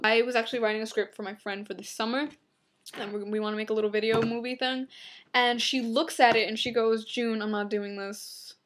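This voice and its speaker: A young woman from Long Island answering viewer questions in a casual vlog, blunt and flippant with quick asides. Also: fairly high pitch, a bit bright. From Long Island, New York. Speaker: vlogger.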